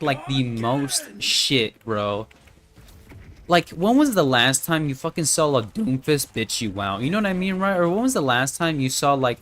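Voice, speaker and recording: A man's voice: mid-range voice, a bit bright. Brief: young male streamer at home, casual, profane, rambling, mid-range voice. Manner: rambling, profane, full of "right?" and "you know". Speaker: game streamer. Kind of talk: casual chat while gaming on stream.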